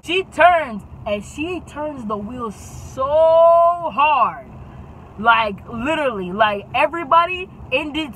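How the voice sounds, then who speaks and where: A woman's voice: on the high side, animated, unhurried, a bit bright, a little hiss or hum, low-quality recording. A young woman tells a casual, dramatic storytime and keeps adding "okay?" to drive her points home. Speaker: YouTube storyteller.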